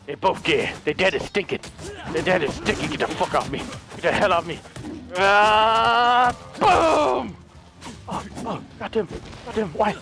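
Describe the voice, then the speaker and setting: A young man giving excited co-op gameplay commentary, loud and shrieking with swearing outbursts. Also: on the high side, brisk, music in the background. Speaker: gaming YouTuber.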